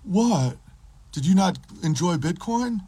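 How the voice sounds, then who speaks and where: A man's voice: lively intonation, mellow, breathy edge, no room sound, full character voice. A man mocking a whiny indignant libertarian. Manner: high-pitched mocking whine, rapid insistence. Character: whiny indignant male libertarian, young adult.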